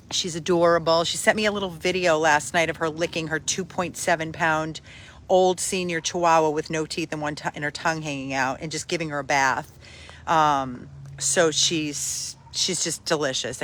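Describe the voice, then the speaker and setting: A woman hosting a casual live stream for a dog rescue from outdoors on her phone, greeting viewers by name and breaking into high sing-song baby talk with the dogs. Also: fairly bright tone, a little hiss or hum. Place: outdoors in a yard.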